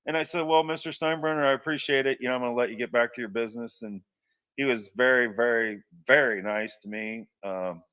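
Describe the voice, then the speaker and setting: A man's voice: mid-range voice, brisk, bright, forceful tone, clean tone, far from the mic. A man telling a long personal anecdote in a casual, rambling way, full of restarts and asides. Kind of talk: casual storytelling.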